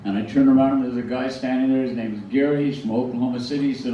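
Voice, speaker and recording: A man's voice: mid-range voice, very fast, hardly any pauses, dark tone, slight background noise. An older man telling personal stories to a live audience, self-deprecating, with frequent stammering restarts. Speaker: speaker at a museum talk. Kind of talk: storytelling talk to an audience. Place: large hall. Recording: far-off echoey hall, dull sound.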